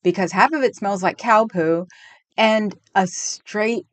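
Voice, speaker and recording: A woman's voice: medium pitch, takes it slowly, no echo. A middle-aged woman from California hosting a livestream, chatting casually and rambling with frequent laughs, at home on a desk microphone. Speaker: livestream host. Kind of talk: casual chat with live chat.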